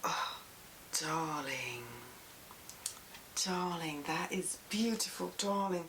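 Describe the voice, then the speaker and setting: A woman's voice: on the low side, measured pace, long pauses. A young woman beauty vlogger gushing playfully through a casual unboxing at home, talking to her viewers. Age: young adult. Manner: gushing and playful, calls viewers "you guys". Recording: steady background noise and clicks.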